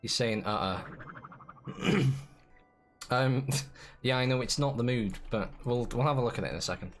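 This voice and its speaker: A man's voice: medium pitch, normal speed, soft background music. A man chatting casually and playfully on a live game stream, rambling and giggling as he goes.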